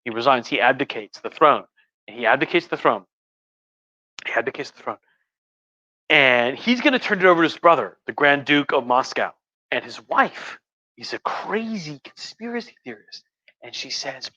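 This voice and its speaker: A man with a medium-pitched voice, wide pitch swings, normal speed and a bright, forceful tone hosts a casual history livestream from a room at home. Tipsy from wine, he's crude and profane, rambling and restarting his sentences. The audio is dull and muffled, with no room sound.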